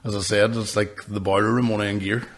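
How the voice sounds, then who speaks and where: A man's voice: lowish voice, little pitch movement, fast talker, slight background noise. A man, a comedian hosting a podcast, telling sweary stories in casual chat and laughing often.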